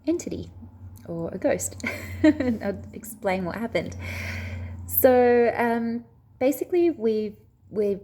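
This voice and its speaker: This woman's voice is a little high and mellow, animated yet slow, with long pauses, and a slight hiss or hum sits under it. She hosts a spiritual video channel and tells a personal story to camera in a rambling way that drifts off track, stopping and restarting often.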